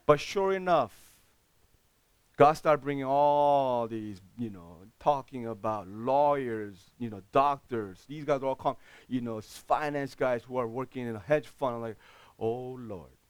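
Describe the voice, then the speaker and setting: A man preaching a sermon as pastor, speaking with dropped articles and swinging between loud outbursts and quiet asides. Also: mid-range voice, a little slow, clear, resonant tone, no room sound. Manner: plain broken English with dropped articles.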